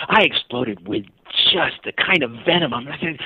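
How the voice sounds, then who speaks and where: An American man, a guest on a podcast, telling a travel story in an animated way and acting out the voices of the people in it. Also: moderate pace, hardly any pauses, breathy edge, dry recording. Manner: acts out quoted voices with big pitch jumps. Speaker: guest, touring cyclist and author. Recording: dry, tinny phone-line sound.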